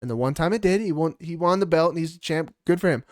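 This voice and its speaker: A man's voice: on the high side, fast talker, dry recording, clean studio sound. A man co-hosting a casual fight-picks podcast, giving blunt, heated, profane opinions. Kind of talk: casual sports chat.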